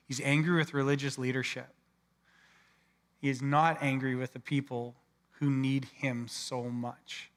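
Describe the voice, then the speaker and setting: A man, a pastor preaching a sermon in a casual, conversational way and acting out people's lines. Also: fairly high pitch. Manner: conversational, acts out people's lines in lively asides. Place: church sanctuary. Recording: long church hall reverb.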